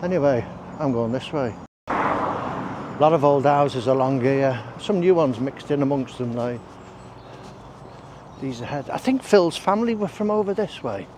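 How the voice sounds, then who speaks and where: A man's voice: medium pitch, expressive, a little slow, pauses often, noisy background. A man chatting casually while walking outdoors, breathing heavily between rambling asides. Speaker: walking vlogger. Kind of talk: casual walk-and-talk narration. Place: outdoors on roads and country paths.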